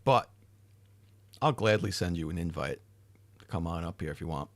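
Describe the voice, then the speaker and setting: A tired man with a deep voice hosts a livestream, talking briskly and casually as he reads his live chat. He rambles and swears now and then, and there's no echo.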